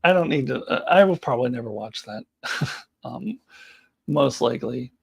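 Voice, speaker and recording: A middle-aged woman chats loosely on a live stream and reacts to viewer comments. Her pitch swoops up and down in an animated way. She giggles often and drifts off into ums and uhs. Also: normal speed, gravelly, breathy edge. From United States. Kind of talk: casual live chat, reading comments.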